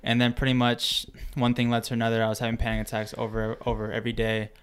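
A man's voice: mid-range voice, completely flat delivery, quick pace, fairly bright tone, slight background noise. A young man hosting a casual chat, speaking candidly about personal struggles.

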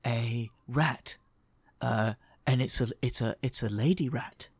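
Halting game master, dry close sound. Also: male voice, medium pitch, slightly rough, dry recording. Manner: halting, lots of restarts and fillers. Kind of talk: narrating a comedy tabletop game.

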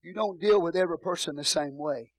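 Texan pastor preaching, booming then hushed. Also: male voice, brisk, dry recording, poor audio. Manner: swings between booming shouts and soft murmurs. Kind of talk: sermon.

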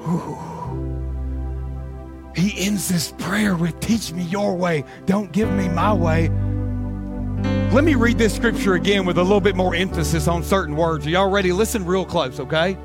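A man preaching a sermon as pastor, swinging between shouted calls and hushed, whispered lines. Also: high voice, normal speed. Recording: music playing behind.

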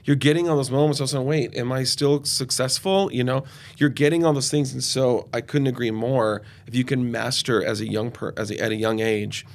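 An enthusiastic, loud man in his forties, talking off the cuff as a ministry guest in an interview. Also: medium pitch, steady tone, fairly quick. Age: 40s. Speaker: guest youth and young adult ministry leader. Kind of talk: podcast interview conversation.

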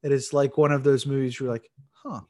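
A man's voice: mid-range voice, little pitch movement, quick pace, darkish tone. A man in casual chat about films, enthusiastic and laughing, calling his friend dude and man.

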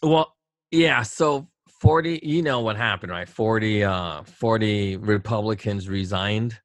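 A man's voice: on the low side, a little slow, dry recording. Middle-aged man, talk co-host, emphatic and rhetorical, dry close sound. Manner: emphatic, rhetorical, repeats himself. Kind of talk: casual political talk.

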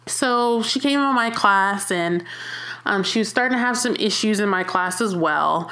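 A woman at a middle pitch telling her own story on a podcast. She talks in a candid, chatty way, full of little fillers and restarts. Her voice livens up whenever she quotes herself. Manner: chatty and candid, with frequent fillers and self-corrections; animated when quoting herself. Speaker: podcast host. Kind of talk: casual personal storytelling.

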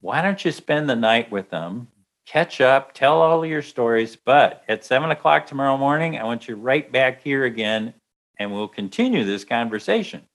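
A man's voice: medium pitch, expressive, normal speed, lightly acted. A man voicing a kindly but firm male gatekeeper saint who bargains. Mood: bargaining.

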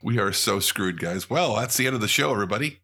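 A man with a husky voice, wry and self-mocking, playing a trivia game on a podcast. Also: fairly low pitch, lively intonation, quick pace, sharp tone. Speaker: podcast co-host, quiz player. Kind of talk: casual podcast banter.

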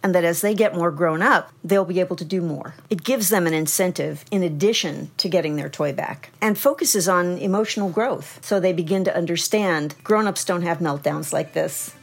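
A woman's voice: lowish voice, normal speed, few pauses, slightly rough. A woman explaining child development on a parenting podcast, in an encouraging, explanatory way.

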